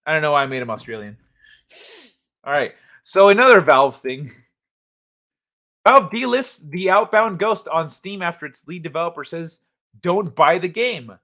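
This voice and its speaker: A young man hosting a laid-back livestream, chatting and reading news out loud with frequent swearing. His voice is bright and forward, and he talks in a loose, offhand way. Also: a little high. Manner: chatty, swears casually, reads articles with asides. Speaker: livestream host. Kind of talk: casual chat reading news and chat aloud.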